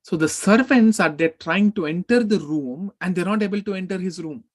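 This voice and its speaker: This scripture teacher has a high voice and talks at normal speed, giving a lively retelling of an epic and speaking the characters' words himself.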